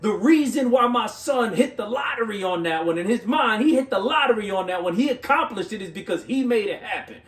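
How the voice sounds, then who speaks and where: A man giving a motivational monologue, telling stories in an animated way and often checking in with "right?". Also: sits high, brisk, hardly any pauses, echoey room, recorded from a distance. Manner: animated storytelling with frequent "right?" tags. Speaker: motivational speaker.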